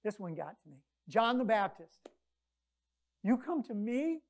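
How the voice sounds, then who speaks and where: A woman preaching a conversational sermon, retelling scripture stories with lively quoted voices. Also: mid-range voice, measured pace.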